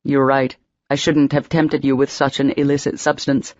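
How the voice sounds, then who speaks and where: A woman reading the lines of a gentle, caring male doctor in an audiobook. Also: rumbling low, level tone, normal speed, no room sound, lo-fi sound. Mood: tender.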